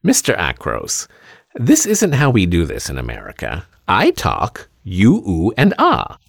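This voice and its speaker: Man doing a booming carnival showman. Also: huge pitch swings, a little slow, gravelly, slightly rough, no room sound, studio quality, full character voice. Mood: showy. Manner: grand, theatrical sales patter. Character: smooth-talking carnival showman, middle-aged man.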